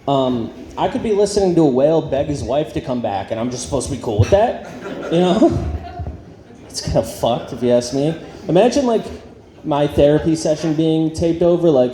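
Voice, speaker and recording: Awkward deadpan stand-up comic man. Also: on the high side, normal speed. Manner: awkward, self-deprecating, lots of ums and trailing off. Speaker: stand-up comedian. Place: comedy club stage. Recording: roomy club sound with audience noise. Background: audience laughter.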